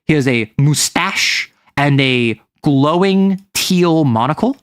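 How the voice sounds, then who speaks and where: A game master recaps a tabletop session in loose, rambling chat, full of fillers and restarts. His voice sits a touch higher than most men's. The sound is dry, with no room echo. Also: lively intonation, slow pace, clear, resonant tone. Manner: rambling, heavy use of "like" as filler, self-correcting. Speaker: game master recounting a campaign. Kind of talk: casual chat.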